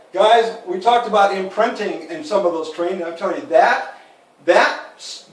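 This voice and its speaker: Man, 50s, trainer, earnest, candid, speaks a bit high, roomy echo. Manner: earnest and candid, calls listeners "guys". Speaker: network marketing trainer. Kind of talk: recorded training talk. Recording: echoey room, mic at a distance.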